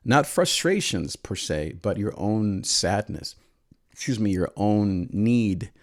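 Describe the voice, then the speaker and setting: A man in his forties, a parenting channel host, giving gentle, earnest advice with frequent pauses and restarts. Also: lowish voice. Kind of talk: reflective advice talk.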